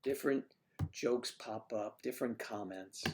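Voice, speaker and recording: An older man hosts a casual livestream and chats with viewers in a relaxed back-and-forth. His talk is wry and self-mocking. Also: on the low side, unhurried, slight background noise. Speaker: livestream host. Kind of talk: casual chat with live viewers. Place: home in Florida.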